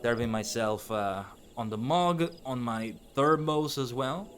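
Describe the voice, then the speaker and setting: A man's voice: mid-range voice, expressive, unhurried, a little hiss or hum. A man giving casual, chatty commentary while playing a game, sometimes stumbling over his words. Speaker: streamer. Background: game music.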